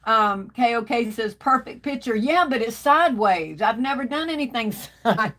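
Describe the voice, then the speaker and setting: A woman's voice: a little high, expressive, normal speed. A woman hosting a casual livestream, greeting viewers one by one and calling them baby and darling. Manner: warm Southern endearments, calls viewers baby and darling. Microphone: phone.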